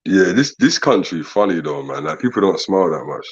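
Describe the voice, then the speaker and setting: Animated low-voiced man, dull sound. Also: brisk, slightly rough. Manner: animated, questioning, laughs often, says "bro" and "man". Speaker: podcast co-host. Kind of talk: casual chat.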